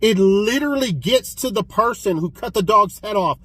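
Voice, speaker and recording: Excitable, foul-mouthed man retelling a movie. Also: sits high, normal speed, husky, poor audio. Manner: excitable, profane storytelling with many restarts. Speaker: physical media collector reviewing films. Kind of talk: casual film review chat.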